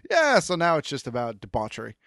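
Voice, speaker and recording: Teasing podcast co-host, dry close sound. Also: male voice, a little high, huge pitch swings, fast talker, a bit bright, no echo. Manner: teasing, laughs easily, hesitant fillers. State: had a beer or two. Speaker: podcast co-host, news segment. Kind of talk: casual chat.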